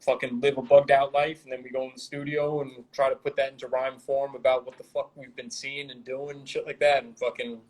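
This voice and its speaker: A man's voice: mid-range voice, little pitch movement, a little fast, hardly any pauses, low-quality recording. A man from Brooklyn, a guest rapper telling rambling, swear-filled stories in a casual interview. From Brooklyn, New York. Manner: rambling, heavy swearing, laid-back street slang.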